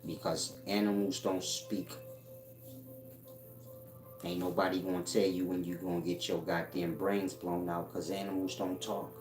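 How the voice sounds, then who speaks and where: A man's voice: low-pitched, little pitch movement, a little slow. A man giving a blunt, profane monologue with street slang, lecturing his viewers in a streetwise way. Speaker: self-help channel host. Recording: echoey room with music behind. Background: music.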